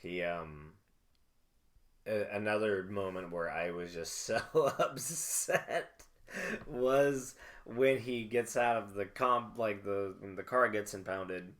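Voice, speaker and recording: A low-voiced podcast co-host chats about films in a loose, animated way. He fills his talk with "like" and "you know" and laughs easily. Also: slow. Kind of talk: casual film discussion.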